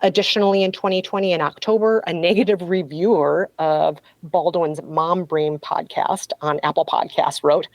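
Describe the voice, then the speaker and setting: A woman hosting a podcast, talking through a story in a casual, gossipy way with wry humor. Her voice sits a bit low. The sound is dry, with no room echo. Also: steady tone, moderate pace, few pauses. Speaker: podcast host.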